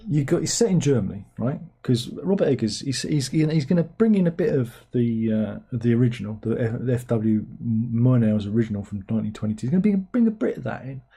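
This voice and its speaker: Sarcastic man ranting, dark voice. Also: mid-range voice, lively intonation, a little fast, hardly any pauses, slightly rough. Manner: sarcastic, rambling, mocks with put-on plummy voices. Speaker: livestream host. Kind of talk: casual film rant.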